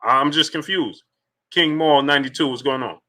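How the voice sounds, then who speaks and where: A man's voice: fairly high pitch, normal speed, pushed and bright. A man hosting a live boxing stream, greeting viewers in the chat by name and firing off rhetorical questions. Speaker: boxing livestream host.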